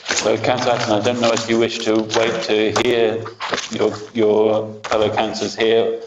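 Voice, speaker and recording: A man chairing a council meeting, calm and procedural. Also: lowish voice, normal speed, noisy background. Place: town hall council chamber. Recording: dull, echoey room sound.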